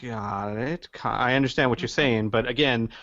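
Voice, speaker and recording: A male game master runs a tabletop session, pausing and restarting as he works out rulings. His voice is mid-pitched and comes through a dull, lo-fi mic. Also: fairly bright tone. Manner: hesitant, lots of ums and restarts while ruling. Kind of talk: running a tabletop role-playing game.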